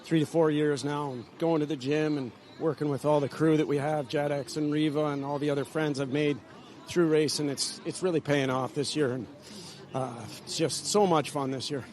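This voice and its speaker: Older man, winded, halting and modest, slightly high voice, faint outdoor hum. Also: fairly even intonation, darkish tone. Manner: halting, restarts sentences, modest. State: out of breath. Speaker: racer interviewed after winning. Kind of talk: post-race interview. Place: outdoors at a racing venue.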